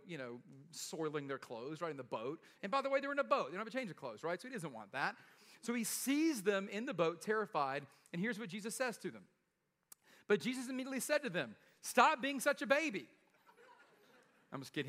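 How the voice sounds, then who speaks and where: A man's voice: high voice, fairly bright tone, big-room sound. A man preaching a sermon in a casual, joking storytelling way, often laughing and checking in with "right?". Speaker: pastor.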